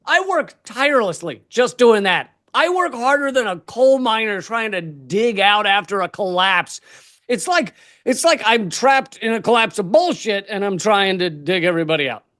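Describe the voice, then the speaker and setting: A man doing a stand-up comedy set on a convention stage, ranting in an exasperated, profane way and bursting into shouts. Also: high voice, expressive, moderate pace.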